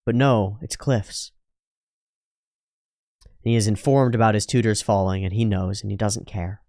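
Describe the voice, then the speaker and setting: A man hosting an anime reaction, narrating the scenes and mocking the characters in quick voices with frequent laughs. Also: lowish voice, steady tone, creaky, darkish tone, no room sound, clean studio sound. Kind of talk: casual commentary over an anime episode.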